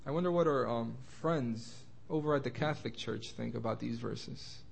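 A young man teaching an informal Bible study sermon, stumbling over words and restarting often, slowing down to stress quoted scripture. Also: mid-range voice, vocal fry, husky. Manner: halting, many restarts and repeated words.

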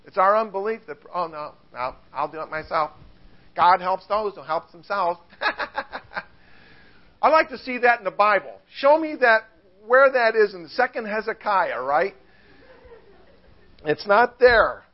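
An older male preacher giving a sermon, lively and chuckling at his own stories. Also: sits high, measured pace, pauses often, muffled recording. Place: church.

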